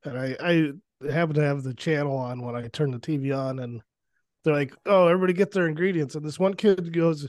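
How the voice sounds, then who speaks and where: A man from the United States co-hosting a podcast, an animated and sarcastic storyteller. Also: fairly high pitch, moderate pace, no echo, clean studio sound. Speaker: podcast co-host. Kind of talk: casual chat.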